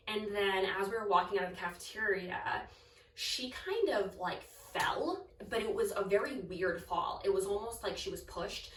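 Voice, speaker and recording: A woman's voice: medium pitch, lively intonation, normal speed, a bit bright, slight background noise. A young woman telling a personal story in a casual, chatty way, full of filler words and quoted dialogue. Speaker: storytime vlogger. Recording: roomy, distant from the mic.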